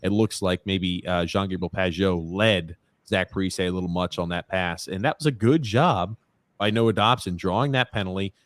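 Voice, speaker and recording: A man co-hosting a live hockey watchalong podcast, excitably reacting to plays and reading out viewer comments. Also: low voice, normal speed. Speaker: podcast co-host.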